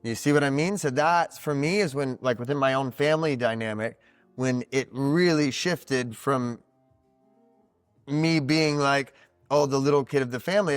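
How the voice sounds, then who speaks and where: A man's voice: medium pitch, smooth, no room sound. A man talking as a podcast guest in casual conversation, explaining ideas in a reflective, teacherly way with plenty of "like" fillers. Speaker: podcast guest, card reader.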